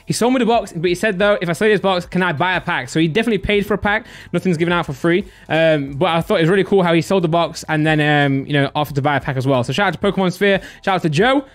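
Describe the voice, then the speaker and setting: Excitable young man live-streaming. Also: sits high, quick pace, hardly any pauses. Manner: excitable, chatty, laughs often, gives shout-outs to viewers. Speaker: live-stream host opening card packs.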